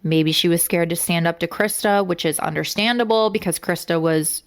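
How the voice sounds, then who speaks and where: A young adult woman co-hosts a true-crime podcast, speaking bluntly and swearing a lot as her emotions rise. Her voice is fairly low-pitched and her pace moderate.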